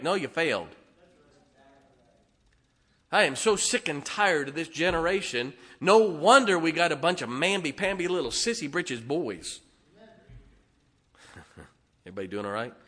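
A man's voice: a little high, lively intonation, moderate pace, pushed and bright. A man preaching a sermon in a folksy, joking and emphatic way.

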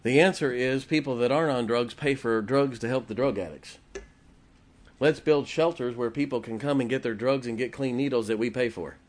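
A man's voice: mid-range voice, normal speed. A man preaching a sermon to a congregation, blunt and emphatic, hammering his points in short lists and often breaking into a chuckle. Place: church before a congregation.

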